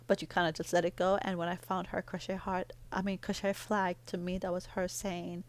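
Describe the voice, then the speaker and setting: A woman's voice: medium pitch, flat delivery, fairly quick. A middle-aged woman vlogging in a casual, rambling way, telling a heartfelt family story while doing her nails.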